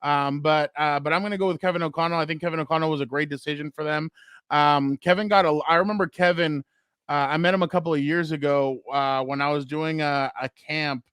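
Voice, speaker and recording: A man's voice: a little high, fairly even intonation, brisk, fairly bright tone, clean tone, no echo. A man co-hosting a podcast who rambles through stories and opinions on football, with fillers and asides. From San Diego area. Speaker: podcast co-host. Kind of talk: casual sports chat.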